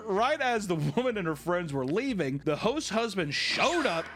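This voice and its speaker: Lively joking man reading a story. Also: high voice, normal speed. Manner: joking, laughs often, reads then riffs. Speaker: commentary host. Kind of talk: casual commentary reading a story aloud.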